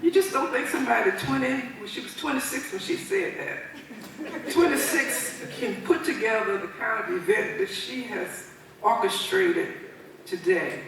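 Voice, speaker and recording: At her own birthday party in a large event hall, a woman in her seventies gives a warm, unscripted thank-you speech full of stories. She chuckles often and speaks loosely, restarting phrases. Her voice is fairly high and a little slow, with a little hiss or hum, and the echoey hall is recorded from far off.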